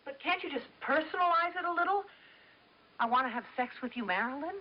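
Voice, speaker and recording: A guarded new girlfriend in a film, wry and dry in her replies. The clip is lo-fi and muffled, with a clear hiss running under her voice. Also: sits high, expressive, a little fast.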